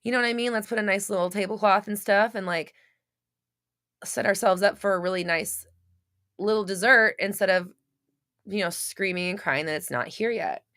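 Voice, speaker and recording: A podcast host answers listeners in a casual live chat, speaking at normal speed with a medium-pitched, fairly bright voice. Frank and frequently swearing, she fills her talk with fillers and restarts and acts out little scenes in quoted voices. Clean studio sound, no room sound.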